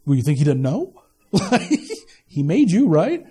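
A man's voice: on the high side, very animated, normal speed, mellow, slightly rough. A male pastor preaching a sermon in a conversational, joking way, often repeating words as he starts a sentence.

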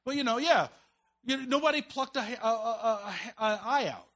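A man, a pastor, preaching a sermon to a small church in a relaxed, joking, conversational way, leading the room in call-and-response. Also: very high voice, moderate pace.

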